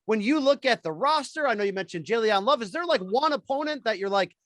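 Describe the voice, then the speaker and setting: High-voiced man hosting an interview. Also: expressive, fast, few pauses, a bit bright, dry recording. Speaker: interview host. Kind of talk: casual interview questions.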